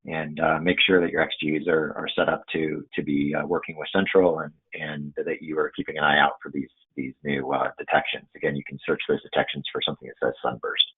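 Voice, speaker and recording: Deep, husky male webinar panelist, halting delivery, tinny call audio. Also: level tone. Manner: hesitant, many fillers and restarts. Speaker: security expert panelist. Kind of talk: webinar discussion. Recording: muffled phone-like line.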